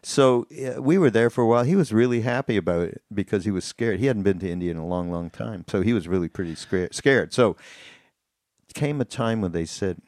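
A man hosting a podcast in casual chat. He talks in a rambling, halting way with many fillers. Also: on the low side, darkish tone, dry recording, studio quality. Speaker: podcast host.

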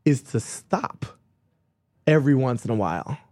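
A man speaking as an author guest in a casual conversation, animated and self-mocking, with quick jokes. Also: medium pitch, no room sound.

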